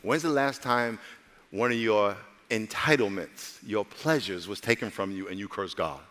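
Preaching pastor with hall reverb. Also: male voice, lowish voice, normal speed, a bit bright. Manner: preaching with humor and audience call-outs, voicing characters. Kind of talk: sermon.

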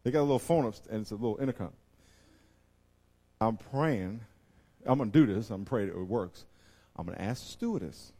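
Animated preacher swinging soft to loud. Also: male voice, on the low side, a little fast, pauses often. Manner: animated, swings between hushed asides and loud excited bursts. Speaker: pastor. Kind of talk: sermon.

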